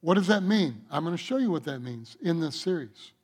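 A man's voice: fairly high pitch, animated, a little fast, darkish tone, breathy edge. A male pastor preaching a sermon, emphatic, with rhetorical questions to the congregation.

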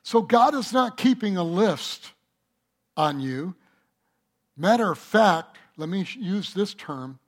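A man's voice: high voice, expressive, takes it slowly. A man preaching a sermon as pastor, talking conversationally and working a joke into his message.

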